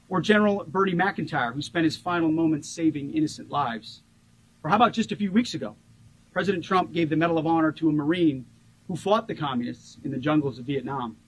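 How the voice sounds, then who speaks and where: A man in his forties giving a rousing ceremonial tribute speech as a government official, stressing key words by slowing down. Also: on the high side, slightly rough, rough recording.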